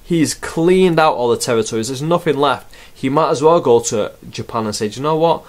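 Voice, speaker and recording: A man's voice: mid-range voice, normal speed. A man giving a rambling, sarcastic wrestling review and swearing freely. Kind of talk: casual spoken review.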